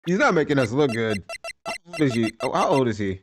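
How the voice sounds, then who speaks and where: A man's voice: mid-range voice, very animated, brisk, faint music behind. A young man streaming a game, commenting in a joking, slangy, loose way. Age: young adult. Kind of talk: casual live game commentary.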